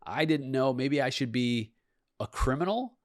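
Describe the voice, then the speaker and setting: A man's voice: medium pitch, expressive, a little slow, no echo, clean studio sound. A middle-aged man hosting a leadership podcast, speaking earnestly and often repeating words for emphasis. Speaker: podcast host, leadership coach. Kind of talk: motivational talk.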